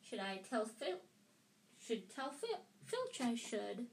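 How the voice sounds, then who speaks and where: Peeves, a cackling high singsong poltergeist, put on by a woman reading. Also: very animated, slow, fairly bright tone, a little hiss or hum, heavily acted. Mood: taunting. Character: mischievous cackling male poltergeist, singsong and gleeful.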